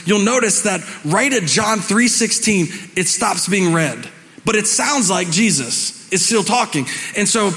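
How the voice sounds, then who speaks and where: A man preaching a sermon as pastor, telling stories dramatically and swinging between shouting and hushed, quiet lines. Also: high-pitched, in a large hall, slight background noise. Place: church sanctuary.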